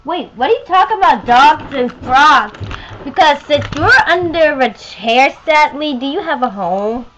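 A woman's voice: high voice, lively intonation, unhurried, muffled recording, noisy background. A woman voicing dolls in a homemade toy play, chatty and bossy. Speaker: doll play narrator and voices. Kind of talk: toy doll role-play.

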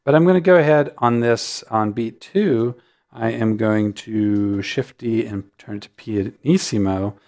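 A man hosting a music notation software tutorial, explaining settings in a relaxed way with frequent ums. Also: lowish voice, unhurried. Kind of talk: screen-recorded software tutorial.

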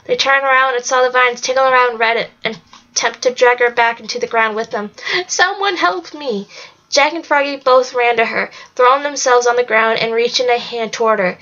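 A woman reading a novel aloud at a steady pace, now and then slipping on a word and correcting herself. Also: a little high, brisk, lo-fi sound. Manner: steady reading with occasional slips and self-corrections. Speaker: narrator.

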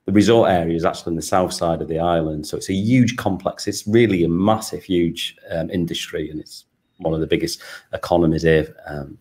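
Brief: very low British male voice, easygoing chatty interview guest. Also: a little mellow. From Manchester, England. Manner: chatty, repeats words, laughs easily. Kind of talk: casual interview.

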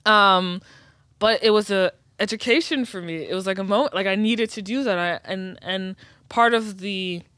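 A woman guest speaking reflectively and earnestly in a casual chat, often pausing on "like.". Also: mid-range voice, a bit bright, no echo, clean studio sound. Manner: reflective, earnest, many "like" fillers. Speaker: guest, writer and educator.

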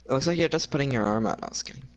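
Lively, goofy man gaming with a friend. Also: medium pitch, racing. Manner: goofy, teasing banter, mock confusion. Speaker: gamer. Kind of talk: casual chat while playing a video game.

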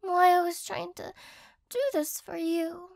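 A woman voicing a sleepy, apologetic cat-girl girlfriend in a whispered role-play, speaking softly and hesitantly close to the mic. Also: very high-pitched, flat delivery, unhurried, gravelly, dry recording, heavily acted. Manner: soft, gentle, hesitant and apologetic. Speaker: ASMR role-play artist.

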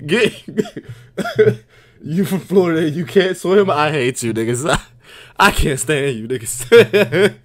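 A brash male streamer reacting live to a video. His somewhat high voice bounces widely up and down as he swears and laughs his way through the questions. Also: expressive, takes it slowly. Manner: loud, profane, laughs often. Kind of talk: casual livestream reaction.

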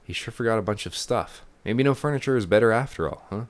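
A man's voice: fairly low pitch, fast talker. A man giving casual let's-play commentary, thinking aloud as he explores. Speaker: let's player. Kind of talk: gaming commentary.

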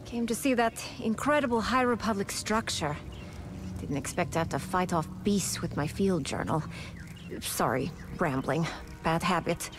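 A woman's voice: fairly low pitch, lively intonation, normal speed, music in the background, natural voice. A woman voicing a nervous rambling alien scholar. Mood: flustered. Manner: flustered, chatty. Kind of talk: video game dialogue.

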